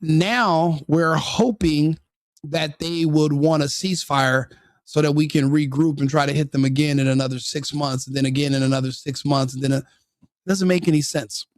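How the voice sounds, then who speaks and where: A man's voice: on the high side, fairly even intonation, moderate pace, dry recording, clean studio sound. A man hosting a live stream, giving opinionated commentary full of rhetorical questions and repeated restarts. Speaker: streamer host.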